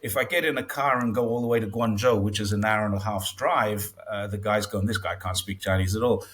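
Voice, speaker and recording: A man in his sixties, born in Britain, chatting casually in an interview and telling stories with lively acted-out dialogue. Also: on the low side, brisk. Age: 60s. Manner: chatty storyteller, acts out dialogue in raised voices. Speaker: guest.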